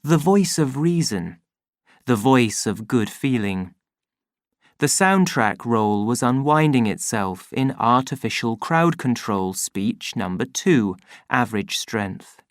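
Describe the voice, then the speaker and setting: A man reading an audiobook as narrator, slow and expressive. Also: medium pitch, dry recording, clean studio sound.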